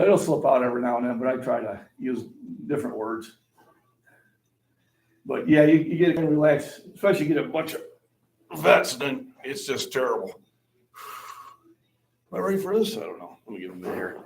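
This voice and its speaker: A man in his forties hosting a relaxed, talkative gym chat, reading comments aloud. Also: medium pitch, slightly rough, low-quality recording. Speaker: host. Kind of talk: casual chat on a livestream.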